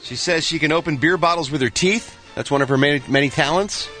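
A man's voice: fairly high pitch, quick pace, bright, forceful tone, soft background music. A man reading entertainment news on a morning radio show in a studio, playful and hammy. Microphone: studio microphone.

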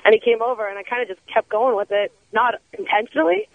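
A woman's voice: on the high side, animated, quick pace, no room sound. A woman calling in to a radio show, chatting about a prank. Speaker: caller. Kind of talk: radio call-in. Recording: thin telephone line.

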